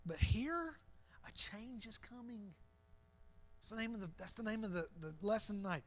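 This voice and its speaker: A man's voice: high voice, animated, moderate pace. A man, a pastor, giving an evening Bible lesson as an imaginative story, often repeating words as he goes. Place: church.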